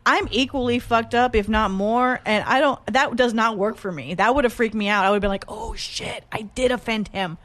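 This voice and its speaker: A woman's voice: fairly high pitch, brisk, hardly any pauses, fairly bright tone. A woman comedian in casual conversation, candid and self-deprecating, swearing freely. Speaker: stand-up comedian. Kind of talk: casual podcast chat.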